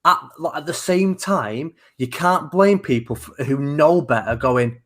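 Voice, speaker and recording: A man co-hosting a wrestling talk show, talking in a casual, animated way that is full of swearing and false starts. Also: fairly high pitch, measured pace. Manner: animated, swearing, rambling with many restarts. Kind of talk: casual chat.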